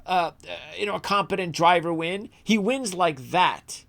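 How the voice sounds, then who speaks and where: A man's voice: high-pitched, animated, moderate pace, vocal fry, few pauses, a bit bright. A middle-aged man hosting a motorsports channel, talking in a casual, rambling way with lots of restarts and asides, sometimes heated. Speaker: motorsports channel host, former radio man. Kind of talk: casual rambling commentary to camera.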